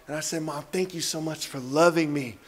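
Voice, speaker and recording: A man's voice: on the high side, fairly even intonation, a little fast. A young man preaching a sermon, telling a personal story with earnest, emphatic delivery.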